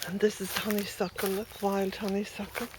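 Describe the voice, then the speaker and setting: Here a middle-aged woman from Ireland, an Irish smallholder vlogger, walks and talks her way around her outdoor rural garden, a bit out of breath. She speaks fairly quickly in a medium-pitched, level tone, making quiet asides and occasionally calling loudly to her dog. Noisy outdoor camera audio carries it all.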